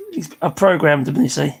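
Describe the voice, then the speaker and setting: Gravelly older live-streamer. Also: medium pitch, poor audio. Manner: chatty, swears casually, laughs often. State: tired, losing voice. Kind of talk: casual live-stream chat.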